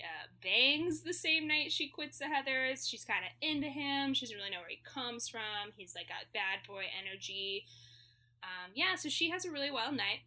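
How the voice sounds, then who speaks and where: A woman co-hosting a podcast recaps a musical in casual chat, laughing often. Her voice is high with a sharp tone.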